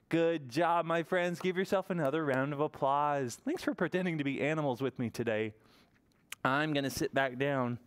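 A man leading a library toddler story time, singing action songs and reading aloud in an animated sing-song way to small children. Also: medium pitch, clear, resonant tone.

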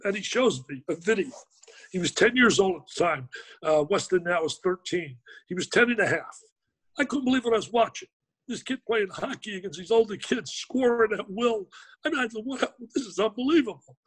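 An older man telling an emphatic, excitable story as an interview guest, repeating words for effect. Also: sits high, fairly quick, breathy edge, poor audio.

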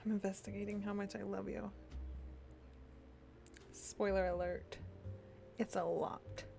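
A woman's voice: medium pitch, flat delivery, a little slow, creaky, mellow, soft background music. A woman streaming a video game, chatting playfully with viewers, greeting them by name and humming along with a giggle. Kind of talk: casual live-stream chat.

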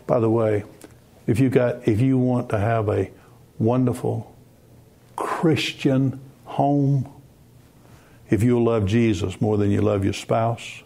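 A man preaching a broadcast sermon, earnest, repeating words and slowing down to stress his points. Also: mid-range voice, gravelly, mellow. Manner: earnest, repeats words, slow emphatic phrasing.

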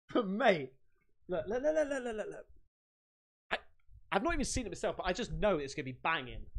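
A man chatting on a livestream, bursting with excitement and casual slang. His voice leaps up and down in pitch as he chats with viewers. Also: brisk, pauses often. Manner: excitable, slangy, swearing, laughs a lot. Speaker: livestream host. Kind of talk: casual live-stream chat.

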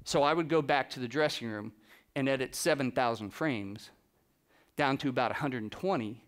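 A man giving a live, animated storytelling talk to an audience as a photographer, acting out the people he quotes by dropping his voice. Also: mid-range voice, normal speed. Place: presentation room with a live audience.

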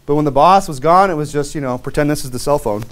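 A man's voice: on the high side, fast. Conversational man preaching a sermon. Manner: conversational, anecdotal preaching with frequent "you know" and "right?". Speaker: deacon preaching. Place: church sanctuary.

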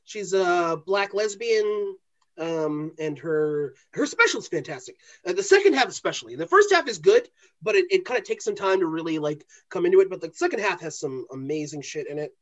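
A man from New England talking casually as a podcast guest, animated and swearing freely. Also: high voice, normal speed, lo-fi sound. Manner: animated, swears freely, slips into comic voices. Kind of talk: casual chat.

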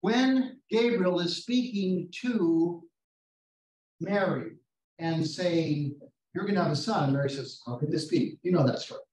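A man leading an interactive Bible study, reading scripture slowly and putting questions to his class. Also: high-pitched, darkish tone. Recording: roomy, distant mic, faint noise.

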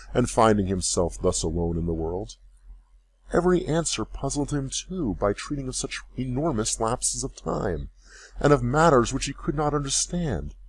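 Low-pitched male storyteller, measured, expressive graded-reader narration.

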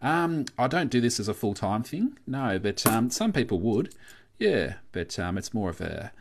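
A man with an Australian accent hosting a casual coin collecting livestream, chatting in a relaxed way and reading out viewer comments. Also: medium pitch, normal speed, noisy background. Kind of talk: casual live-stream chat.

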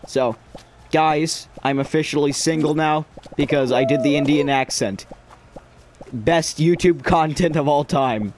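Slow-talking young man joking over gameplay. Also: a little high, darkish tone, faint music behind. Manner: goofy, rambling, joking. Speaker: gaming video creator. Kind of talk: casual gameplay commentary.

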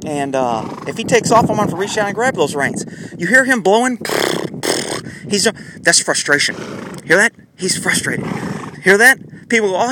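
A man's voice: high voice, bright, forceful tone, poor audio. A man, a horse trainer, talking casually while riding outdoors in the wind, filmed on a handheld camera and now and then putting on his horse's voice. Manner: folksy, voices the horse's thoughts in asides. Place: outdoors, on horseback in a windy pasture. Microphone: handheld camera mic while riding. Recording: faint wind and outdoor noise.

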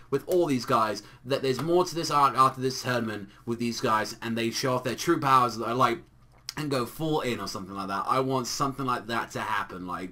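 Bright-voiced young man, profane ranting. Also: mid-range voice. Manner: swearing, exasperated and animated. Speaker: anime reviewer. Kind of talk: casual reaction rant.

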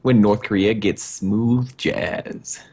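A man's voice: fairly low pitch, fairly even intonation, slow, a little mellow, husky. A man in casual game chat, reading card combinations in a playful rhythm. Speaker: player.

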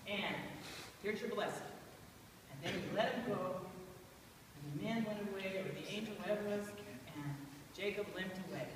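A woman's voice: medium pitch, fairly quick, crowd noise. Chatty woman storyteller in an echoey hall. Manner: chatty, playful, with laughs. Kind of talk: lively told Bible story with audience. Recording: echoey hall from far off, noisy.

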